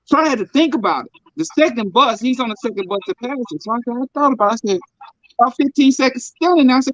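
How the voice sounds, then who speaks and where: A man telling a family story in casual chat, animated and profane, acting out what people said. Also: very high voice, fast talker, no echo. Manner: animated, profane, acts out quotes. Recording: dull, muffled mic.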